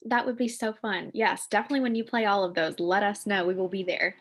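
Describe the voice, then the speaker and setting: A woman's voice: mid-range voice, fairly even intonation, quick pace, fairly bright tone. A woman hosting a casual interview over a video call, bubbly and enthusiastic as she asks questions and answers her guest. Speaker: interview host.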